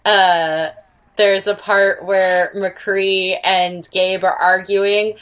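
Young woman co-host with a mid-pitched voice, loose and chatty, swears freely, on a computer mic. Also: little pitch movement, very slow, fairly bright tone, clear, resonant tone. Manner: chatty, laughs often, swears casually. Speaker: podcast co-host. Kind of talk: casual chat. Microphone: computer microphone.

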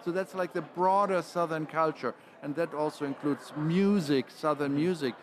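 A man's voice: fairly high pitch, moderate pace, a little hiss or hum. A man, speaking as a panel guest and often restarting his phrases. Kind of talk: panel discussion.

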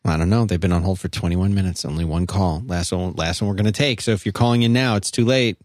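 A man's voice: low-pitched, quick pace, darkish tone, dry recording, clean studio sound. A man hosting a radio call-in show, chatting casually and upbeat with callers. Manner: upbeat, laughs easily with callers.

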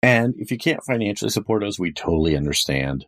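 A man's voice: fairly low pitch, lively intonation, fast. A man hosting a tabletop game podcast, dry and wry, steering the segment in casual chat. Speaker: game master and host.

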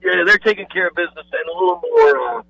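A man calling into a radio show, a former pastor telling a folksy anecdote in a relaxed way. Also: high voice, fast, gravelly, dry recording, dull audio. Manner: warm folksy anecdote teller. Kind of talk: casual phone-in chat.

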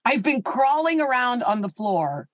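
A woman's voice: fairly high pitch, big pitch swings, unhurried, no echo. A woman co-hosting a podcast over a video call, telling an exasperated story while holding her microphone in her hand. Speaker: podcast co-host. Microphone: handheld microphone.

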